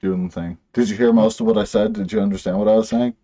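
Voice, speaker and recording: Mellow-voiced man rambling through a podcast. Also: on the low side, fairly even intonation, quick pace. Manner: rambling, profane, joking. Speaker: podcast co-host. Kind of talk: casual chat over a video call.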